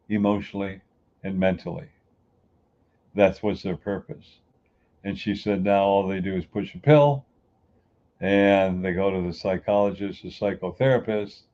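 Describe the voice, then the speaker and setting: With a deep, warm voice, a man who grew up on the US East Coast delivers a folksy, emphatic motivational talk and acts out everyday people. He works as an inspirational speaker. The audio has its highs cut off.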